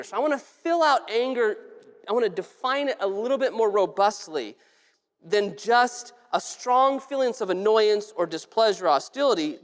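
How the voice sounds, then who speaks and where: Direction: preach like a relaxed pastor chatting with the congregation. Keep it casual, drop in a light joke now and then, restart a phrase when you need to, and let the words ring out in a big church with a long echo. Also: medium pitch. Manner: casual and humorous, with frequent restarts. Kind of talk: conversational sermon. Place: church sanctuary.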